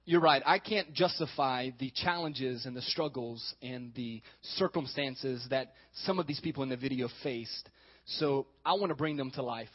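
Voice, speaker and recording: A man's voice: mid-range voice, normal speed, slightly rough, muffled recording. A male pastor preaching a sermon, joking and talking with the congregation.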